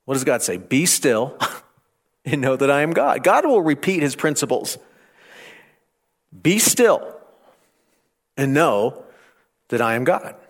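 A man preaching a sermon, stammering and repeating phrases, rising toward near shouting at times. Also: medium pitch, sing-song, normal speed. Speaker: pastor.

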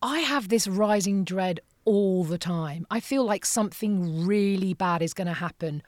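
Expressive woman in her late forties, podcast guest, dry studio sound. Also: mid-range voice, a little slow, dry recording. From from abroad, living in the USA. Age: late 40s. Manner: animated storyteller, acts out quotes, swears freely. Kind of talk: casual conversation.

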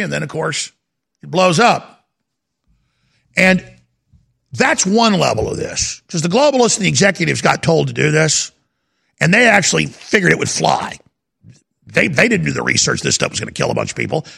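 A man's voice: sits high, creaky, bright, forceful tone, slightly rough. A man hosting a talk radio show, talking in an emphatic, rambling monologue that repeats itself. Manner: emphatic, repetitive, insistent.

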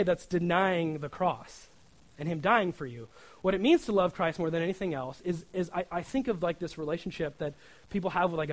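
A man giving a sermon in a relaxed, conversational way. He often checks in with "right?" and acts out the prayers he quotes. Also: fairly high pitch, low-quality recording. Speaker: preacher.

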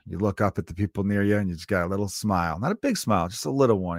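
A young adult man from Chicago, a comedian talking casually in a profane, rambling solo monologue with big swings in loudness. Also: low-pitched, animated, very fast, hardly any pauses, no echo, clean studio sound. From Chicago area. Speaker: comedian and podcast host.

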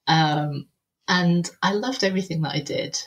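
A woman's voice: on the low side, moderate pace. A woman guest on a casual podcast interview, speaking candidly and expressively with some exasperated humour. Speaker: podcast guest, advertising creative.

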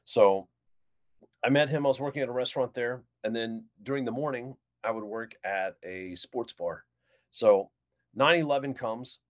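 A middle-aged man telling stories as a podcast guest in a relaxed, casual way, with fillers like "um" and "uh". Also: mid-range voice. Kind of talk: casual interview storytelling. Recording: muffled, dull mic.

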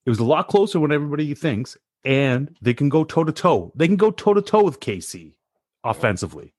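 A man co-hosting a casual sports chat, animated and incredulous, teasing the others and laughing often. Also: on the high side, a little fast, no echo.

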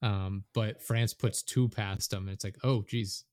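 A man's voice: lowish voice, steady tone, measured pace, a little mellow, slight background noise. A man chatting casually about soccer, rambling and swearing when annoyed.

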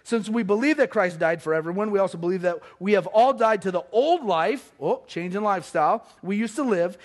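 A man preaching from the pulpit in a fairly high voice, mixing personal stories and scripture readings. He talks in an animated, joking way and pokes fun at himself. A middle-aged pastor who keeps things light. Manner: animated, self-deprecating humor, quick asides. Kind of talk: sermon with storytelling.

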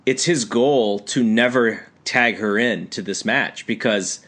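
Low-voiced man, hesitant co-host. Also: slow pace, fairly bright tone. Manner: hesitant, stammering restarts. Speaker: podcast co-host. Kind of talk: casual wrestling chat.

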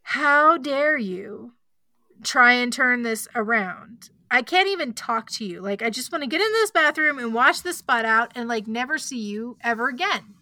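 A woman's voice: on the high side, lively intonation, brisk, hardly any pauses, pushed and bright, dry recording. A woman voicing an exasperated, defiant teenage girl with indignant outbursts.

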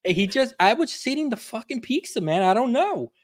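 A young man from the Miami area, a podcast guest telling stories in casual chat, animated and swearing freely as he acts out quotes. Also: very high voice, fairly quick, no room sound, clean studio sound.

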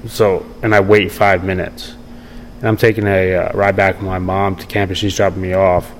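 A man's voice: low-pitched, flat delivery, normal speed, a little hiss or hum, low-quality recording. A young man telling his story in a casual interview, rambling with many fillers and restarts. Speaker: podcast guest.

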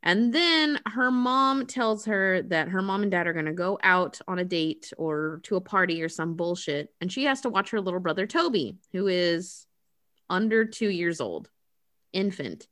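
A woman's voice: on the low side, animated, normal speed, a bit bright. A woman hosting a podcast, recapping a movie in a chatty, sarcastic way with lots of swearing. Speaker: podcast host. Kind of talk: casual chat recapping a movie.

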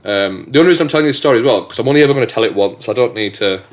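A man hosting a podcast, telling his own story in a casual, halting way with many restarts. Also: mid-range voice, animated. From England. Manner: hesitant, many restarts and fillers. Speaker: podcast host.

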